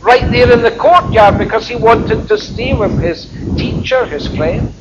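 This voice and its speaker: High-voiced man preaching through wind noise. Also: a little slow. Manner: reflective, colloquial storytelling. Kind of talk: storytelling sermon. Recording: muffled with loud wind noise.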